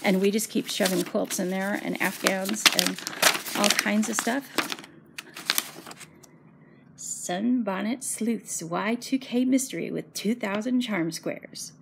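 A woman's voice: medium pitch, slow, gravelly, very noisy. A woman in her fifties chatting casually as a quilting vlogger, gushing and emotional, close to tears as she shows her quilts. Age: 50s. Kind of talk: casual show-and-tell chat.

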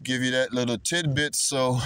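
A man's voice: mid-range voice, steady tone, normal speed, a bit bright, a little hiss or hum. A middle-aged man from Jamaica with a Jamaican-American accent, chatting casually and rambling while cycling through a park, greeting passersby. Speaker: vlogger. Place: outdoors in a park on a bicycle.

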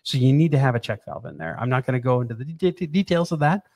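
A man of ordinary middle pitch walks a listener through a technical drawing in a loose, talkative way. He repeats words for effect and slips in playful asides. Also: big pitch swings, quick pace, darkish tone. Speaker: presenter explaining equipment. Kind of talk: casual technical explanation over drawings.

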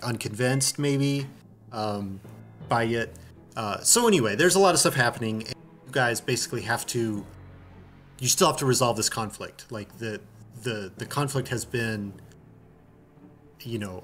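A man narrating a tabletop game as game master, halting and searching for his words. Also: medium pitch, fairly bright tone, a little hiss or hum.

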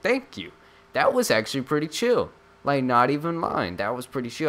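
A man's voice: mid-range voice, huge pitch swings, moderate pace, a bit bright. A young man giving casual, joking gameplay commentary as a gaming YouTuber, rambling and slangy.

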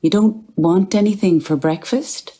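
Brief: woman reading as gentle fussy Irish man, coaxing, pitched well up. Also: measured pace, husky. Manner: teasing, coaxing, lifted voice. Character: gentle middle-aged man, fond and fussy.

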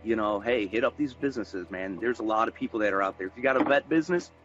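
A man's voice: lowish voice, fast talker, dull audio, over music. A man speaking on a radio roundtable, loose and rambling with lots of filler words. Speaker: panelist. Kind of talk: casual roundtable radio chat.

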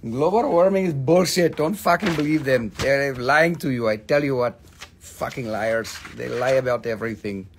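A man's voice: mid-range voice, moderate pace, slight background noise. A man casually hosting a live mineral sales stream, swearing and joking as he rambles. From Appalachian Valley, USA.

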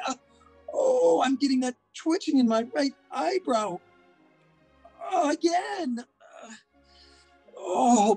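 A man plays a jittery thirty-something suitor who stammers and trips over his words. His voice is gravelly and husky and swings widely in pitch, with faint music behind. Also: darkish tone, heavily acted. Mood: fretful. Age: 30s. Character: nervous anxious 35-year-old suitor. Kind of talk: amateur stage acting over video.

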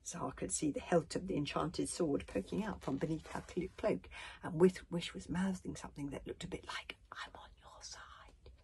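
A woman with a husky voice giving a hushed, breathy whispered storybook reading of a children's novel. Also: lowish voice, moderate pace, a little hiss or hum. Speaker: reader.

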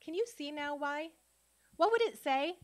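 Middle aged woman, high voice, teaching phonics rules at a conference, lots of questions to the crowd. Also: animated, moderate pace. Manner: quizzing the audience with rhetorical questions. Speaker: literacy educator and conference speaker. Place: conference room before an audience.

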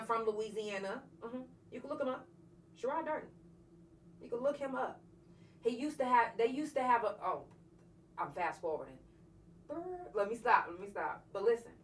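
A woman's voice: medium pitch, a bit bright, far from the mic. A woman podcast host tells a personal story to her livestream viewers in a blunt, profane, emotionally charged way. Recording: echoey room, voice off-mic, faint noise.

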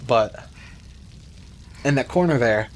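A man's voice: medium pitch, takes it slowly. Rambling young man commentating a game. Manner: rambling, excitable, swears. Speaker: gamer. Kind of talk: let's play commentary. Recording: noisy background ambience.

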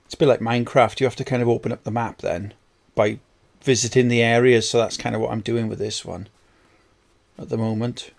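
Male gamer, casual commentary, creaky voice, frustrated and foul-mouthed. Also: mid-range voice, little pitch movement, brisk. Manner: frustrated, swears constantly at the game. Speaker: gaming video creator. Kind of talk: let's play commentary.

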